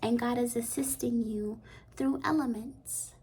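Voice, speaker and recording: A woman giving a rambling, soft-spoken tarot reading that often slips into a half-whisper. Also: on the high side, steady tone, unhurried, a little hiss or hum. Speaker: tarot card reader. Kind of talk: intuitive pick-a-card reading.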